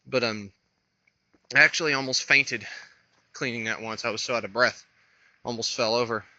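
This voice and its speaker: Man, twenties, slight lisp, sharp bright voice, hesitant walk-and-talk vlogger recorded on a dull lo-fi camera. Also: medium pitch, steady tone, dry recording. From North Carolina. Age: 20s. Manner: halting, hesitant, thinking aloud with many pauses. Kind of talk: rambling walk-and-talk vlog. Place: outdoors on a roadside walk.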